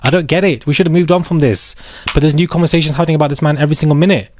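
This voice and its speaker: A man hosting a commentary channel, giving rapid, animated opinions with sarcastic asides. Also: on the high side, slight background noise.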